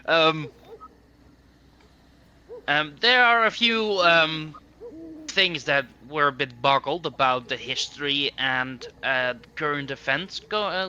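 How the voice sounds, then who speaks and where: A man with a very bright, sharp voice, talking eagerly with laughs and fillers. His dull, lo-fi mic carries a faint hiss underneath. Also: a little high, expressive, measured pace. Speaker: player. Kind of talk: playing a tabletop game in character.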